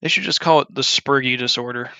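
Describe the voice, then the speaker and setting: A young man with a bright, sharp voice rambles through off-the-cuff commentary while he works on a game. His talk meanders with fillers and restarts, and it sometimes builds into loud, heated ranting. The sound is dry and close, with no room echo. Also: mid-range voice, quick pace, vocal fry, clean tone. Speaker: video creator modding a game.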